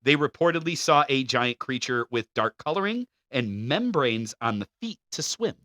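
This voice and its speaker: A man co-hosting a casual podcast, his voice bright and a little high, swinging up and down as he reads notes aloud and breaks into laughs. The close mic sounds dry and near. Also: lively intonation, moderate pace, dry recording. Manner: reads from notes, laughs often, stumbles on names. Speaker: podcast co-host.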